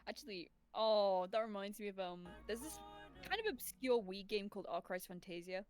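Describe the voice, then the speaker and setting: A woman's voice: medium pitch, lively intonation, moderate pace, faint music behind. A woman telling long, rambling stories in casual chat, laughing often.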